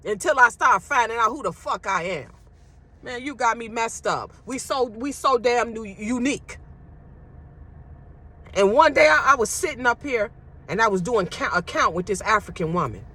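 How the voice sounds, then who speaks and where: A woman's voice: a little high, pushed and bright, husky. A woman delivering a blunt, emphatic rant to her viewers, with profanity. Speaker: social media commentator. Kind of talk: ranting monologue to viewers.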